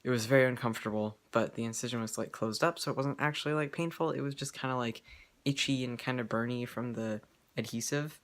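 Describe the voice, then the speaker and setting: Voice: mid-range voice, fast talker. A vlogger talking casually at home in an update video, rambling with lots of fillers and restarts and giggling often.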